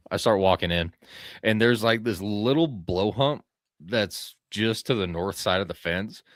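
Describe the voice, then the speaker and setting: A man with a very low voice spins a long, loose story in a casual podcast chat. He swears freely and slips into acting out what he said. The sound is close and dry, with no room echo. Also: a bit bright. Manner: profane, rambling, acts out his own quoted lines. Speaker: podcast host telling a hunting story.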